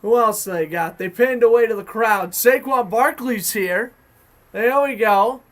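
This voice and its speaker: Man with boston accent, fan sports commentator, high voice, chatty, excited, self-correcting. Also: unhurried.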